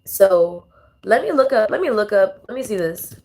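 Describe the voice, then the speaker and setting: A woman's voice: medium pitch, animated, moderate pace, vocal fry, a little mellow. A woman vlogger talking casually and profanely as she reacts to songs, thinking aloud with many restarts. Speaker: tarot and astrology vlogger. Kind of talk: casual commentary while playing songs.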